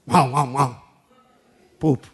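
A man preaching a sermon as pastor, animated, laughing and repeating himself for emphasis. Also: mid-range voice, takes it slowly, husky. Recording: long hall reverb.

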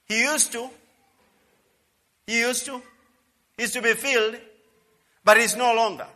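A male pastor preaching a sermon emphatically, swinging from quiet asides to loud, repeated declarations. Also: extremely high pitch, steady tone, measured pace, long reverb tail.

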